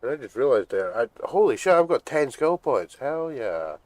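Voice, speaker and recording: A man's voice: mid-range voice, sing-song, normal speed, poor audio. A man streaming a video game, teasing his friend and swearing at the game as he plays. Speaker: gaming streamer. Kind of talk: casual gaming commentary.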